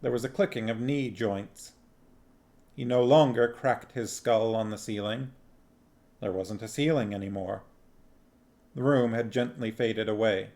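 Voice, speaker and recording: A man reading a novel aloud on a stream, narrating in a slow, deliberate way. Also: on the low side, a little mellow. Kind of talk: audiobook-style narration.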